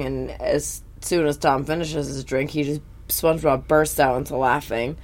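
A podcast host recapping a cartoon in casual chat, blunt and animated with heavy swearing. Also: mid-range voice, moderate pace.

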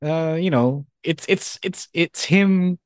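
A man's voice: on the high side, slow, no echo, clean studio sound. A man co-hosting a podcast in casual chat, switching between English and Tagalog and laughing often. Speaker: podcast co-host.

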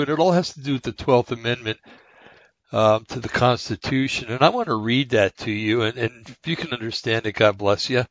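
An older man hosting a radio show, with a raspy, haggard voice, talking casually and reading aloud slowly, with many pauses and fillers. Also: medium pitch, no room sound, highs cut off. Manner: slow, halting, many fillers and restarts.

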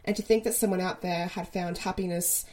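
A woman's voice: fairly low pitch, fairly even intonation, a little fast, darkish tone. A woman co-hosting a podcast, speaking earnestly in casual chat, laughing often and swearing now and then. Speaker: podcast co-host.

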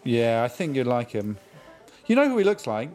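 A man hosting a relaxed remote chat from home, his voice in a middle range. He asks questions drily and slips in teasing jabs at his guest. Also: medium pitch, normal speed, over music. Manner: dry, teasing interviewer. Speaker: host. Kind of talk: casual chat.

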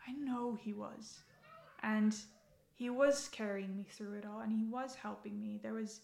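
A woman's voice: mid-range voice, fairly even intonation, measured pace, vocal fry, a little mellow. A young woman, a podcast guest, talking casually and thoughtfully, often repeating herself and laughing easily. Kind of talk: casual chat. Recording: echoey room.

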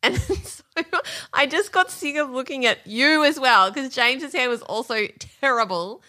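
A woman's voice: sits high, normal speed, pushed and bright. A woman co-hosting a podcast, telling a home story in casual chat and laughing often. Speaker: podcast co-host.

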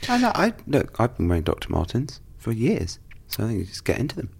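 Podcast co-host, male, animated pitch, dry wisecracking asides, casual chat. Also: fast, gravelly, husky. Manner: dry, self-mocking asides.

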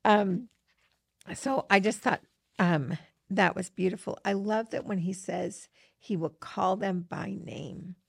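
A woman's voice: mid-range voice, takes it slowly, vocal fry, breathy edge, no room sound, studio quality. A middle-aged woman co-hosting a scripture study podcast, talking earnestly and reading verses aloud. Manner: earnest and enthusiastic, with frequent fillers.

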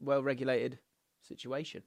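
A man's voice: mid-range voice, little pitch movement, moderate pace, vocal fry, no echo. A man co-hosting a casual football podcast, laughing often as he reads out listener messages and trades banter. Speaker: podcast co-host.

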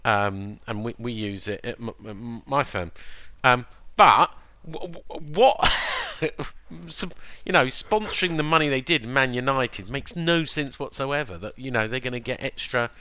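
A man from Surrey with a nasal voice, chatting casually on a podcast with halting, rambling restarts. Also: medium pitch, sharp tone, no echo. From Surrey, England. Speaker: podcast co-host. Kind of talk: casual chat.

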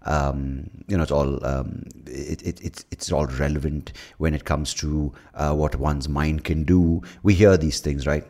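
Deep-voiced male podcast host; loose, meandering solo talk full of fillers and casual swearing, recorded close to the mic. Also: fairly even intonation, measured pace, hardly any pauses, dark tone. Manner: rambling, with many fillers and restarts; swears freely. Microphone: leaning in close to the mic.

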